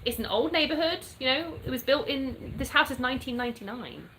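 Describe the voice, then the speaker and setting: A woman's voice: high-pitched, animated, a little fast, a bit bright, a little hiss or hum, poor audio. A woman in her thirties with a mixed English accent, chatting casually as she reads viewer questions aloud and answers them frankly. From born in the US, raised in England. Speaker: content creator answering viewer comments. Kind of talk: casual live chat reading comments aloud. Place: home in North Florida.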